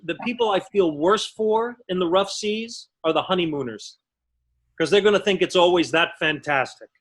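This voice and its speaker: A man's voice: high-pitched, poor audio. A man in his forties doing a conversational stand-up routine over a video call, telling stories with self-mocking punchlines. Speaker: stand-up comedian.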